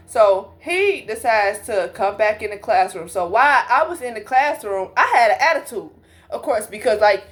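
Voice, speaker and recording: Young woman, casual storytime, slangy and profane, talks straight to viewers, slightly high voice.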